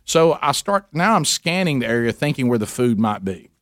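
Older man telling a lively story, dry sound. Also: medium pitch, normal speed, no room sound. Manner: animated anecdote-telling, acting out quoted people. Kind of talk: casual storytelling chat.

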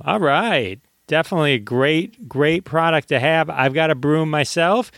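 A man's voice: fairly high pitch, normal speed, hardly any pauses, fairly bright tone, no echo, studio quality. A man hosting a podcast, delivering a playful comic monologue with mock-hype. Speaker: podcast host.

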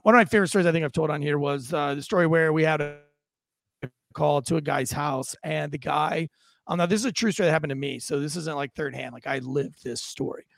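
Guy rambling thru a story, gravelly voice, lots of ums, dry close mic. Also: fairly high pitch, no room sound. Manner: animated, lots of fillers, acts out quotes. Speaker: podcast co-host, former police officer. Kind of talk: casual storytelling.

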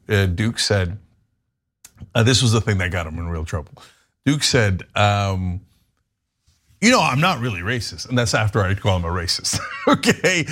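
A man's voice: fairly low pitch, fairly bright tone. A middle-aged man hosting a casual political podcast chat, emphatic and laughing often. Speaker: podcast host.

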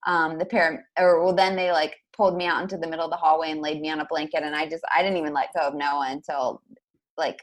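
A young woman recounts a personal story on a podcast in a casual, rambling way. Her voice sits a little low, and she rushes along, stringing thoughts together with constant fillers. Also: flat delivery. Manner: fast, chatty, lots of "like". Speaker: podcast guest.

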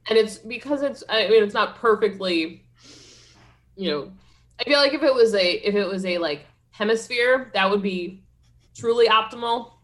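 A woman's voice: medium pitch, moderate pace. A woman co-hosting a podcast, chatting casually with a wry, self-deprecating manner. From Pennsylvania, US. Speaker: podcast co-host. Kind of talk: casual chat.

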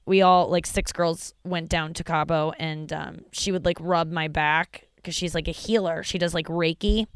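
Smooth, low-voiced woman confiding on a podcast. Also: steady tone, normal speed, few pauses, no room sound. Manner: frank, rambling and profane, emotional and close to tears. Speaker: podcast host and stand-up comedian. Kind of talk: candid personal monologue.

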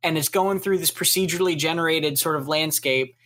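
A man's voice: a little high, a little fast, a bit bright. A man co-hosting a casual game podcast, talking in loose, filler-heavy rambles. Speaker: podcast co-host. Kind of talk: casual chat.

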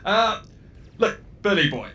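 A man's voice: sits high, very animated, takes it slowly, sharp tone, a little hiss or hum, voice pushed up, full character voice. A man voicing an awkward, formal alien doctor who speaks hesitantly.

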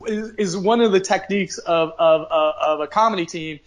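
A man co-hosting a casual podcast chat, joking and halting with fillers. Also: high voice, poor audio. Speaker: podcast co-host.

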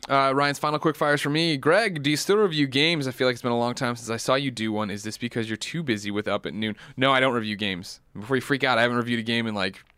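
A man hosting a podcast and reading listener questions in quick, teasing casual chat. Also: medium pitch, bright, forceful tone, clear, resonant tone, no echo, clean studio sound. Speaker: podcast host.

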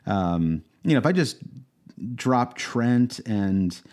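A man's voice: medium pitch, big pitch swings, slow, darkish tone. A man co-hosting a podcast in casual chat, rambling and hesitant, with many fillers and restarts. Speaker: podcast co-host.

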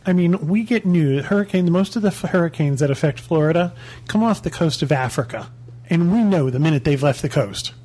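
A man's voice: a little high, expressive, fairly quick, mellow. A man co-hosting a podcast, explaining things in a reassuring, matter-of-fact way. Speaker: podcast co-host. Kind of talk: casual podcast chat.

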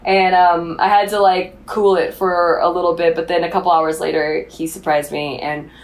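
A woman's voice: on the low side, little pitch movement, moderate pace. A young adult woman co-hosting a podcast, telling a candid story in casual chat and swearing freely. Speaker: podcast co-host.

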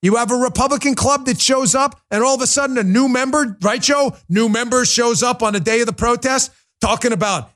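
High-pitched, fiery male talk show host. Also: brisk, hardly any pauses, a bit bright. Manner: emphatic, combative, mocks opponents in put-on voices. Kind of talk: fiery political commentary.

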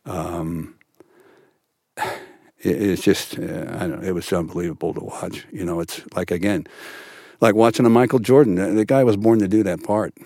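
An older actor appears as a guest on a studio podcast interview, his deep voice recorded dry at a normal speed. He tells stories animatedly, restarting his sentences often.

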